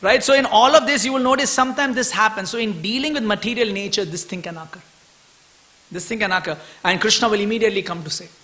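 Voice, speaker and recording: A man with a high-pitched voice speaks at a quick pace while giving an animated scripture class at a temple. He chuckles often and keeps asking his listeners "right?"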